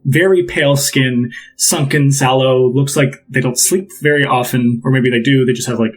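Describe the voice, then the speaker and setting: A man's voice: medium pitch, fairly even intonation, normal speed, low-quality recording. A man narrating as game master, describing scenes in a loose, rambling way with many fillers.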